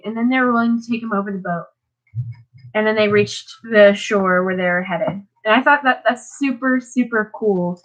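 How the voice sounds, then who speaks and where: On a live stream, a tired teenage girl reads Bible passages and talks about them casually, peppering her speech with "like" and restarts. Her voice is fairly high and moderately paced, and the audio is dull and lo-fi.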